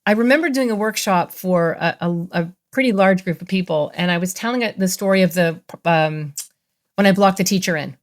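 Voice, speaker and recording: A middle-aged woman, a therapist, telling stories as a guest in an interview in a lively, expressive way. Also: on the low side, brisk. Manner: animated, expressive storyteller. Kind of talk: interview storytelling.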